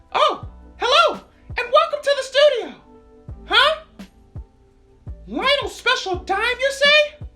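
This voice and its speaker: Actress doing a squeaky, slow-talking cheeky kid for a children's show, teasing and sing-song. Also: female voice, animated, sharp tone, faint music behind, exaggerated voice. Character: cheeky greedy kid character hoarding a dime.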